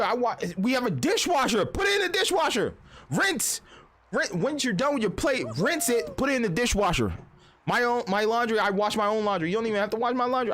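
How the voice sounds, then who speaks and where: A man's voice: high voice, a bit bright. A man in his thirties chatting casually on a livestream, rambling and swearing, often acting out other people's voices. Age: 30s. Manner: rambling and profane, acting out voices mid-story. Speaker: streamer.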